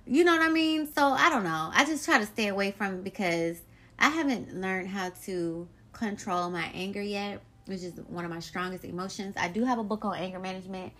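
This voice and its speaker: A woman talks straight to her listeners as a solo podcast host. Her delivery is blunt and profane, and she tells her stories in an animated, rambling way. Her voice sits at an ordinary middle pitch for a woman. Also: brisk. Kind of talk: casual solo podcast monologue.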